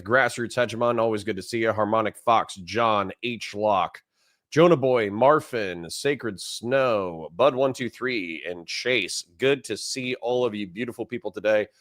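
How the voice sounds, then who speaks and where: A man's voice: medium pitch, a bit bright, dry recording, clean studio sound. A man hosting a casual live stream, talking bluntly and mockingly with lots of fillers. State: grumpy. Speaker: political commentary streamer.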